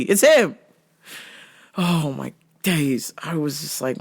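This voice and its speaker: A woman hosting her own show, telling a comic story in profane, animated language and laughing often. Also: sits low, measured pace, vocal fry, pauses often, slightly rough. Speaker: podcast host.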